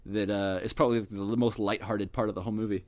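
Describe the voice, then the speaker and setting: A lower-voiced man on a casual movie podcast, building his argument step by step. The recording is dry and close, with no room sound around him. He speaks with firm conviction. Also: level tone, quick pace, a little mellow, no room sound. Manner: argumentative, makes his case point by point. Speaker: podcast co-host. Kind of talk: casual film discussion.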